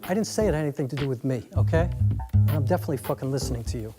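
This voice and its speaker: Man as blunt, teasing young boyfriend, quick and profane, music behind. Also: mid-range voice, animated, voice pushed down, natural voice. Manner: blunt and cursing.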